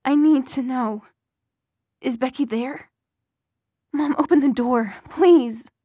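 A woman's voice: high voice, takes it slowly, mellow, slightly rough, dry recording, clean studio sound, full character voice. A woman reading the lines of a desperate, anguished teenage boy vampire who pleads through a locked door in a storybook. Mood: pleading.

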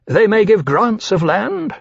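A scheming young dragon with a high, lifted voice, as a man puts him on for an audiobook, eagerly flattering everyone he speaks to. The voice is husky, and the recording sounds dry and a little dull. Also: unhurried, dry recording, full character voice. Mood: fawning. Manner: ingratiating, eager, smoothly flattering.

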